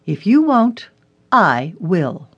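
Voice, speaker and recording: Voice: mid-range voice, big pitch swings, extremely slow, husky, muffled recording, exaggerated voice. A narrator voicing a frightened young woman, a college student, in an audiobook story, reading her lines anxiously.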